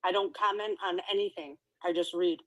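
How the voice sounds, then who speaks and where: A woman talking casually on a livestream, animated and defensive, swearing freely. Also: lowish voice, fairly quick, highs cut off. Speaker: livestream guest.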